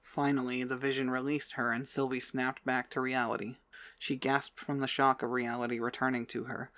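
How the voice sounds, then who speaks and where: A man reading a fantasy audiobook as narrator, in steady scripted narration. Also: mid-range voice, moderate pace.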